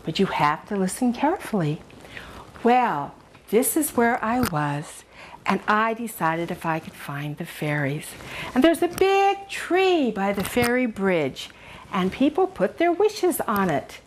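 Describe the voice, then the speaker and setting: A woman's voice: mid-range voice, sing-song, unhurried, slight background noise. An older woman hosting a children's show, telling a fairy story and showing a cooking demo in a doting, sing-song way for small children.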